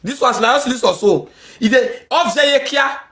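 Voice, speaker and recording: At a moderate pace, a woman with a fairly high, fairly bright voice and a Nigerian accent vents angrily in heated social media commentary. Her rant mixes pidgin into English and circles back on itself often.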